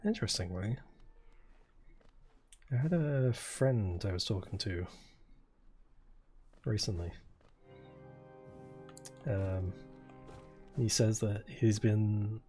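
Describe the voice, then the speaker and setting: Quiet, low-voiced young man chatting. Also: slow, long pauses, faint music behind. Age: 20s. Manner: quiet, low-key and soft-spoken. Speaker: streamer. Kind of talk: casual chat while gaming.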